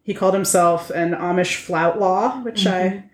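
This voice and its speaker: A woman's voice: fairly low pitch, measured pace, a crowd in the background. A woman co-hosting a podcast in casual chat, chatty and often laughing as she talks. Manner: chatty, laughs while talking. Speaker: podcast co-host. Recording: roomy echo.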